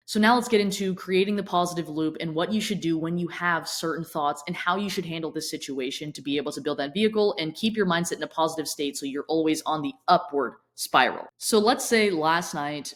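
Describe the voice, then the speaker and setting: A woman coach giving a blunt, tough-love motivational talk straight to camera, swearing often. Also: deep voice. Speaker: fitness and mindset coach.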